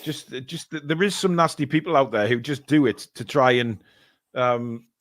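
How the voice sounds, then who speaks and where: A man hosts a fan live stream, reading out donations in a rambling, joking way packed with fillers. His mid-range voice is a bit bright and moves at a normal speed.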